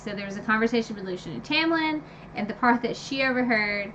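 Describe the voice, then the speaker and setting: A woman casually retelling a fantasy novel's ending, animated and gushing, with lots of fillers and sudden high squeals when excited. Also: brisk, lo-fi sound, slight background noise. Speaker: book review vlogger. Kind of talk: casual book recap.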